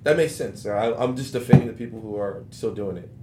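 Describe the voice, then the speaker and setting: A man's voice: on the low side, fairly quick. A man hosting a casual podcast, easygoing and full of filler phrases as he steers the talk. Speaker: podcast host. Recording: echoey room with background noise.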